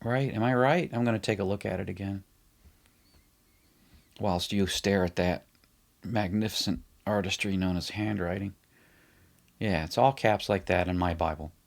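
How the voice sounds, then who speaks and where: A man's voice: low-pitched, fairly even intonation, moderate pace, gravelly, pauses often. A middle-aged man teaching an online Bible study in a chatty way, explaining things as he writes them out on the screen. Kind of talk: casual online Bible lesson.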